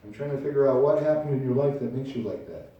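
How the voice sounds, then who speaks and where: A man's voice: medium pitch, expressive, quick pace, dull audio. A man preaching a sermon as pastor, acting out little scenes as he tells stories. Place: church sanctuary. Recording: very echoey room, distant from the mic.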